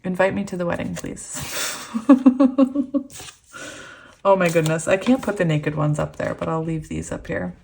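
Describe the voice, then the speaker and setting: A young woman doing a tarot reading, giddy and giggly, breaking into excited squeals of laughter. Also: lowish voice, unhurried, gravelly, long pauses, slight background noise. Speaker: tarot reader. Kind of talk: pick-a-card tarot reading.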